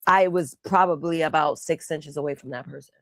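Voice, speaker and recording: A young woman with a slightly low voice jokes and teases through casual stream banter, full of slang and quick jabs. The sound is dry and close to the mic. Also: dry recording. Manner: animated, teasing, slangy. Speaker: stream co-host.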